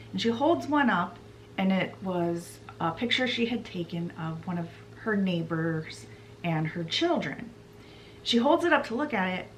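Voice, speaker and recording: A woman's voice: medium pitch, a little hiss or hum. A woman hosting a book vlog, recapping a story in a chatty way with asides. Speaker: book vlogger.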